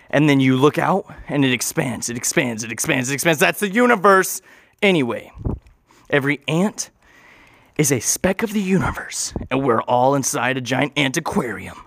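A man's voice: medium pitch, creaky, fairly bright tone, slight background noise. A young man telling a goofy, rambling improvised story, interrupting and correcting himself as he goes.

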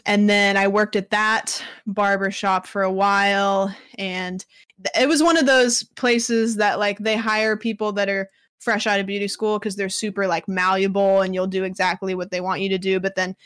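A young woman, appearing as a guest in a casual interview, tells stories chattily, packing in "like" fillers and acting out the voices she quotes. Her mid-range voice is delivered flatly at a moderate pace, with a fairly bright, clear, resonant tone. The sound is clean studio audio with no room sound.

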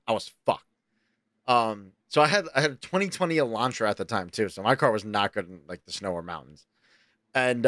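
A man from New York co-hosts a casual podcast chat, telling rambling stories full of swearing. His voice sits in an ordinary middle range and leaps up high whenever he acts out his own panic. The sound is dry and close, with no room in it. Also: no echo. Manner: animated, profane, jumps into high excited voices when quoting himself. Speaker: podcast co-host.

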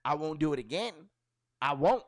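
A middle-aged man chatting casually as a podcast co-host, telling animated stories and acting out what people said. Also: fairly high pitch, normal speed, dry recording. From New York. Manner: animated storytelling with acted-out quotes and slang. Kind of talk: casual chat.

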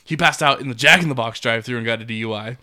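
A man's voice: mid-range voice, racing, bright, forceful tone. A young man casually telling a rambling drinking story, swearing and laughing along the way. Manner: laid-back, swearing, laughs mid-story.

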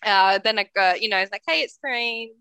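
Young aussie woman on a podcast, bright voice, swears a lot, dead dry sound. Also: medium pitch, fairly quick, smooth, dry recording. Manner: candid, swears freely, laughs through her stories. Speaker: podcast co-host. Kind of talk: casual storytelling chat.

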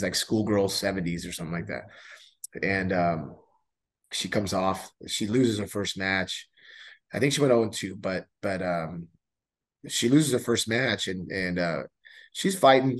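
A man's voice: deep voice, fairly bright tone. A middle-aged man, a youth wrestling coach co-hosting a podcast, telling stories in a rambling casual way with many fillers.

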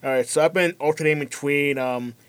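A man as a guest on a casual gaming chat, easygoing and trailing off softly. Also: fairly high pitch, brisk, clear, resonant tone, no room sound.

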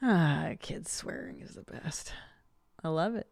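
Gravelly-voiced profane woman host. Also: low-pitched, measured pace, no echo. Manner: profane, laughs often, animated. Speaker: podcast host. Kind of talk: casual comedic chat.

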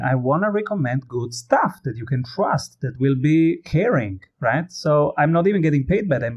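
A man's voice: fairly high pitch, a little mellow, dull audio. A man from Italy, hosting a casual interview in a conversational way, with slightly phrasing. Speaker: podcast host.

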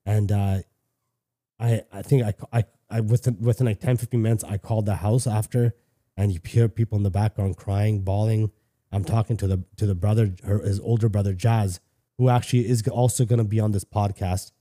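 A middle-aged man from Canada recounts a personal story on a podcast in a low, very mellow voice. He talks candidly, swears freely and often stops and restarts his sentences. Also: steady tone, fairly quick. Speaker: podcast guest. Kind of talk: casual storytelling.

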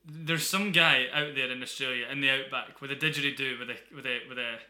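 A man's voice: medium pitch, fairly even intonation, a little fast, pushed and bright, echoey room. A man co-hosting a podcast, chatting casually with playful teasing. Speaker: podcast co-host. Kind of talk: casual chat.

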